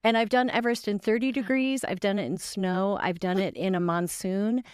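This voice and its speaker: A woman's voice: medium pitch, steady tone, normal speed, smooth, no room sound, clean studio sound. A middle-aged woman, a guest on a chat show, telling stories in a bubbly way and laughing often, a little tired from short sleep. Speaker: guest voice actress and singer. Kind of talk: casual podcast chat.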